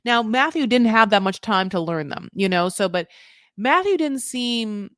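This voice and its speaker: A woman's voice: fairly high pitch, lively intonation, normal speed, fairly bright tone, no room sound, studio quality. A woman hosting a casual reality TV recap, chatty and swearing freely as she acts out what people said.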